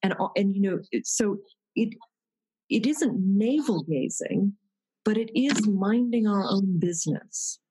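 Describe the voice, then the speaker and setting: A woman's voice: mid-range voice, expressive, unhurried, warm tone, a little hiss or hum, low-quality recording. A woman teaching about meditation in a reflective conversation, thoughtful and searching, often restarting her sentences.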